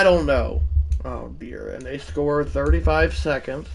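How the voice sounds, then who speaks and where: A livestreamer giving play-by-play of a football video game, swinging from mumbled asides to shouted sportscaster-style calls. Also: mid-range voice, measured pace, creaky, slight background noise. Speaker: gaming livestreamer.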